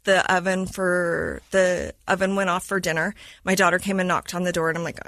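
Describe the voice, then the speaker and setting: A woman's voice: fairly low pitch, fairly quick, no echo. Woman vividly retelling a personal story. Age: adult mother of school-age kids. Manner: lively retelling that acts out quoted dialogue. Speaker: guest. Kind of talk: personal storytelling in a podcast interview.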